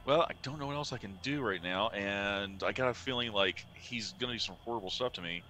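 A man's voice: lowish voice, brisk, pushed and bright. A man playing in a tabletop game, talking in a hesitant, rambling way. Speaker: player. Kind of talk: casual tabletop game talk.

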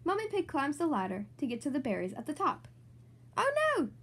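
A woman's voice: sits high, sing-song, fast talker, a little hiss or hum. A young woman reading a children's storybook aloud in an upbeat, sing-song way, as host of her channel. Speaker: children's book reader. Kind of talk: read-aloud storytelling for kids.

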